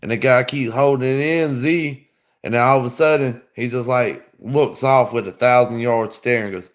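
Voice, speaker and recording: A man's voice: mid-range voice, normal speed. A man telling a long, rambling story in casual chat, full of slang and swearing. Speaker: podcast host.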